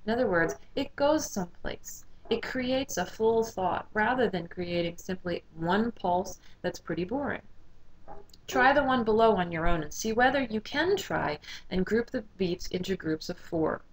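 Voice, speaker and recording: A woman teaching a recorded music lesson, explaining rhythm clearly and singing short phrases to demonstrate. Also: medium pitch, animated, normal speed, a little hiss or hum, rough recording.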